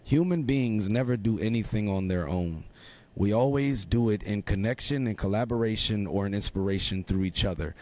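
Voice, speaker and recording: A man's voice: lowish voice, moderate pace, darkish tone. Thoughtful encouraging male podcast host. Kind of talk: reflective conversation.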